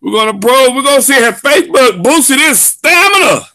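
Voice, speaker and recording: Man, live football stream host, hyped, shouty, high bright voice, dry close sound. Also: lively intonation, normal speed, dry recording. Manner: loud, hyped, shouting and drawn out. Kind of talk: excited live sports show chat.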